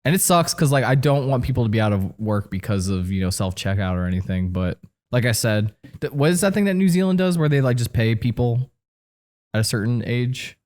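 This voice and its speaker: A man's voice: mid-range voice, expressive, brisk, a little mellow. A man chatting casually on a podcast, laid-back and joking, swearing freely.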